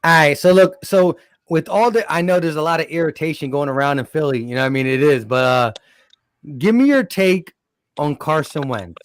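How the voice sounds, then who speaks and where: A man's voice: fairly high pitch, lively intonation, smooth, no echo. Emphatic man co-hosting a sports podcast. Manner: quick, stumbling, emphatic. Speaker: podcast co-host. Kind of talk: casual sports chat.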